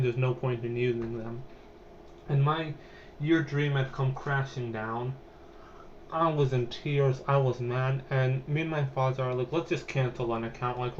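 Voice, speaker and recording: A man's voice: medium pitch, highs cut off, a little hiss or hum. A young man hosting a podcast, telling a personal story in a chatty, rambling way with lots of fillers. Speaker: podcast host.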